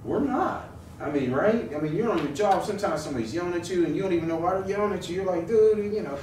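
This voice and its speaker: Storytelling pastor in a roomy hall. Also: male voice, sits high, racing, darkish tone. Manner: storytelling, jokey, prompts the congregation to answer. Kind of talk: conversational sermon. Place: church sanctuary. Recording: roomy, distant mic with noise.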